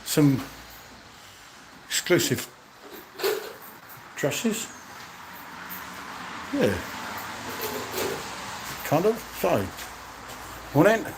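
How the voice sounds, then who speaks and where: A middle-aged man with a fairly high voice rambles cheerfully through a live walk-around. He marvels at what he sees and keeps calling out to viewers by name. His voice is caught on a phone held in his hand as he walks through an indoor museum. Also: very animated, drawn-out words, long pauses, very noisy. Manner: chatty, marvelling, addresses viewers in chat by name. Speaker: vlogger streaming live. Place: indoor museum with old exhibits. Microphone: handheld phone while walking.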